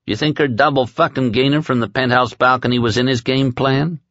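A man's voice: mid-range voice, steady tone, brisk, fairly bright tone, no room sound, lo-fi sound, voice pushed up, lightly acted. A man doing Lloyd, a rambling, profane henchman. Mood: griping. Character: crude boozy loyal male henchman.

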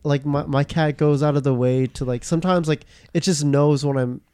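A man's voice: on the high side, fairly even intonation, moderate pace, mellow. Rambling young man on a podcast. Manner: rambling, filler-heavy, many restarts. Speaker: podcast co-host. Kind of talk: casual chat.

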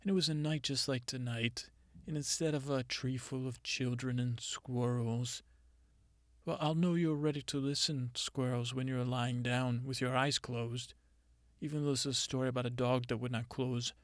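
A man playing a rambling, self-important female Mother Nature spirit in an improvised comedy monologue, telling stories in a halting, deadpan way. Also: mid-range voice, no room sound, studio quality, natural voice.

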